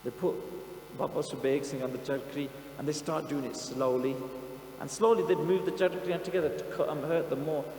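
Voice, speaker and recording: British punjabi guy preaching a story, slightly high voice, big echoey hall, low hum. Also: fairly even intonation, brisk, a little mellow. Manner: impassioned, dramatic retelling mixing Punjabi phrases. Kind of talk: sermon storytelling. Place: outdoor camp hall.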